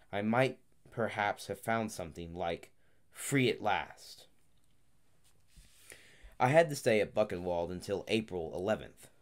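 A man reading an audiobook aloud, halting at times and correcting himself mid-phrase. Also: deep voice. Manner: halting, frequent restarts and self-corrections. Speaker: audiobook reader. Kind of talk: audiobook narration.

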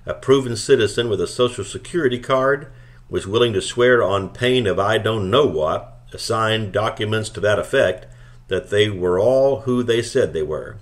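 A man narrating a novel chapter aloud in a calm, steady storytelling manner. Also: on the low side, a little slow. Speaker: audiobook reader. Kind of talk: scripted narration.

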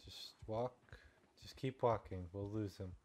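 A man's voice: lowish voice, measured pace, mellow. Jittery swearing gamer guy. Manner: anxious, swearing reactions to the game. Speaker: gaming YouTuber. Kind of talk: let's-play game commentary. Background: faint game music.

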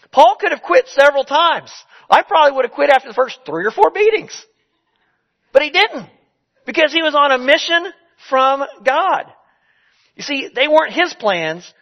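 Male preacher, very high voice, conversational sermon, storytelling, dull lo-fi recording. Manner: conversational, storytelling, emphatic repetition.

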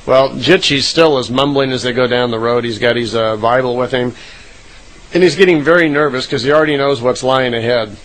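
A man's voice: mid-range voice, a little fast, a bit bright, low-quality recording. Easygoing man retelling a story. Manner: rambling, many "uh" fillers and self-corrections. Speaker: narrator retelling a recorded account. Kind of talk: casual spoken retelling.

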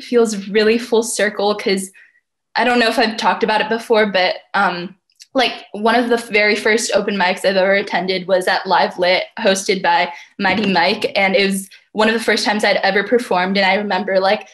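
A woman's voice: medium pitch, flat delivery, moderate pace, a bit bright. A young woman giving a tearful, rambling acceptance speech, full of "like" fillers. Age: young adult. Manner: emotional, rambling with many "like" fillers. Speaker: youth poet laureate.

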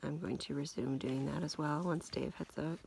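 A woman's voice: low voice, steady tone, normal speed, creaky, darkish tone, slight background noise. A woman camping vlogger chatting in a casual, upbeat way and laughing often at an outdoor lakeside campsite.

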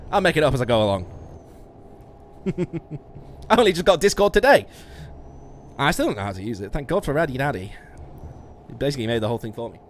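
A man's voice: lowish voice, slight background noise. A man livestreaming a trucking game, chatting with his viewers, swearing and laughing at his own mistakes on a musician's mic. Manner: sweary, self-mocking, laughs a lot. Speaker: streamer. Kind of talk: casual game livestream chat. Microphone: studio musician mic.

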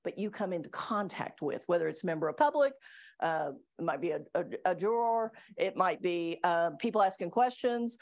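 A woman's voice: lowish voice, expressive, moderate pace, a little mellow. A middle-aged woman attorney giving a live workplace training talk to staff, chatty and self-deprecating, often laughing between points. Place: meeting room with live audience.

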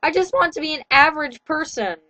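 A woman's voice: sits high, animated, fairly quick, bright, forceful tone, no echo, voice pushed up, low-quality recording. A woman voicing a moody gothic teenage girl heroine who protests melodramatically. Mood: sulky.

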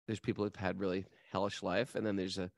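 A podcast co-host with a low voice and little pitch movement talks fast in clean studio sound with no room noise. He tells animated stories, laughs easily, and reads song lyrics during a casual spiritual chat.

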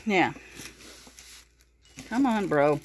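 A woman's voice: on the low side, animated, extremely slow, slight background noise. A woman hosting a casual pet unboxing vlog, talking fondly to her rabbits and a little out of breath. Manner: cooing baby talk to her rabbits. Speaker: pet channel host.

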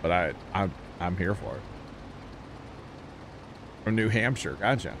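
A man's voice: sits low, lively intonation, measured pace, background noise. A man with a Midwestern accent streaming a game, chatting casually with his viewers in a rambling way full of fillers. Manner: rambling, chatty, talks to chat with many fillers. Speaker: gaming streamer. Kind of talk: casual livestream chat while playing.

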